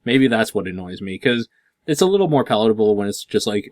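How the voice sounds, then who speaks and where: Man, low voice, dry close sound, casual podcast host, blunt, swears freely. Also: animated, fast, darkish tone, no echo. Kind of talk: casual chat.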